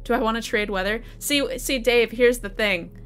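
A woman's voice: fairly high pitch, moderate pace, a bit bright, faint music behind. A young adult woman from New England chatting casually as she plays a game live and talks to her chat, laughing often. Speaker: streamer. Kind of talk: live gameplay commentary.

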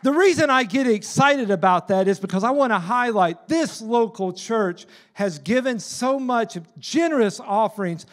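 A man preaching a sermon in a church as a missionary, with an excitable, emphatic delivery. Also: high-pitched, unhurried, hardly any pauses. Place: church sanctuary.

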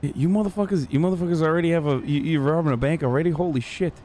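Guy swearing in disbelief during roleplay, kinda high voice. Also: racing, mellow, a little hiss or hum. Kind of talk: casual role-play banter.

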